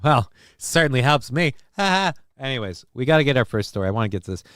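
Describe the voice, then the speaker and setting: A man's voice: mid-range voice, big pitch swings, fast talker, fairly bright tone, smooth, no room sound, clean studio sound. A man hosting a casual live-stream show, reading chat messages aloud and riffing on them in a crude, joking, rambling way.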